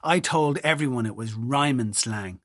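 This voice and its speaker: A man's voice: mid-range voice, no echo, clean studio sound, close to an everyday voice. A man voicing a sardonic teenage daughter who scoffs and teases her father, reading an audiobook. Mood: scornful. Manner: scoffing, quick-tongued. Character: sardonic teenage Irish girl, mocking her dad.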